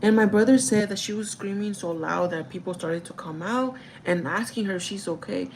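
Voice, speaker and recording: A woman's voice: mid-range voice, normal speed, darkish tone, slight background noise, low-quality recording. A young woman vlogger telling a family story in casual chat, rambling with many fillers and often calling her viewers "guys".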